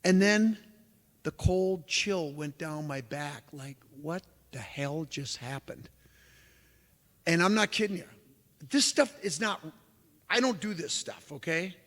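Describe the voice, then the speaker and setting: A man giving a lecture as an animated storyteller, who acts out the exclamations he quotes. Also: high voice, unhurried. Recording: long hall reverb.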